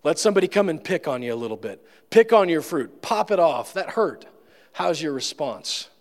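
A man's voice: fairly high pitch, sing-song, moderate pace. A male pastor giving a sermon in a conversational manner, with joking asides. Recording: long reverb of a large room.

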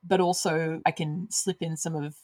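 A woman's voice: deep voice, flat delivery, moderate pace, a little mellow, dry recording. A woman author talking enthusiastically and thoughtfully about her writing in a conversational interview. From Australia. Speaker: author guest.

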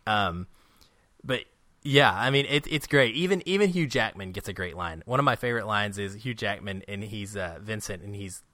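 A young man co-hosting a casual film podcast, talking in an animated, rambling way and often breaking into laughter. His voice is on the low side yet bright and sharp. The sound is very dry and close. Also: no echo. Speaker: podcast co-host. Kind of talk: casual movie review chat.

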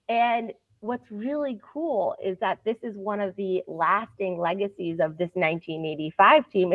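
A woman's voice: medium pitch, no echo. A woman guest in an interview, telling stories in an earnest, casual way with some fillers. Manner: earnest storyteller, uses fillers. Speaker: guest, founder of a storytelling platform. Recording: tinny phone-like line.

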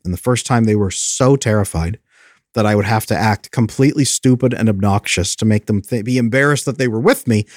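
A man's voice: fairly low pitch, dry recording, clean studio sound. A man who is an attachment specialist, explaining in an earnest, coaching way and briefly mimicking anxious inner voices.

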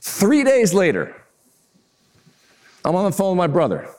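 A man in his fifties giving a storytelling talk to business leaders, animated and self-mocking as he acts out scenes. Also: high voice, unhurried. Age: 50s. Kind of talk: keynote-style storytelling talk.

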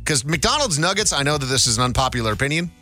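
A man's voice: medium pitch, sing-song, fast talker, sharp tone, faint music behind. A man co-hosting a podcast in casual chat, enthusiastic and joking. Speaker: podcast co-host.

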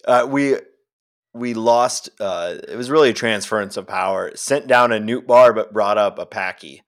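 A man's voice: on the low side, normal speed. A man co-hosting a sports podcast, chatting casually and laughing easily. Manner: laughs easily, loose and joking. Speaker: podcast co-host.

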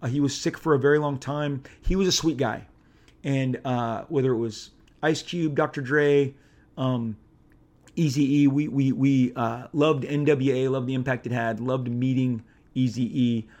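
A middle-aged man from Southern California, a comic book artist telling a casual anecdote, animated and rambling, with lots of fillers and restarts. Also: mid-range voice, measured pace.

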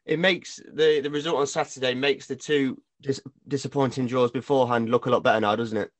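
A male interviewer puts earnest questions to his guest, restarting phrases as he goes. His voice sits at a middling pitch and sounds dry and close. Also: steady tone, a little fast, dry recording. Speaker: radio or podcast interviewer.

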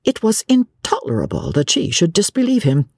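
Expressive husky woman reading a novel. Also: on the low side, moderate pace, no echo, clean studio sound. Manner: expressive, theatrical. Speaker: narrator. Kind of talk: dramatic reading of a classic novel.

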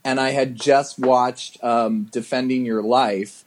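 A man co-hosting a casual movie podcast, animated and quick to act out lines from the film. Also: mid-range voice, a little hiss or hum. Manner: animated, puts on voices to quote characters. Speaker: podcast co-host. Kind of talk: casual chat about a movie.

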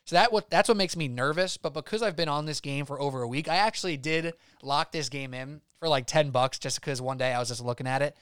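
A man's voice: on the high side, a bit bright, smooth, no room sound, studio quality. A man co-hosting a sports betting podcast, rattling off emphatic opinions in casual chat. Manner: emphatic, rapid-fire opinions.

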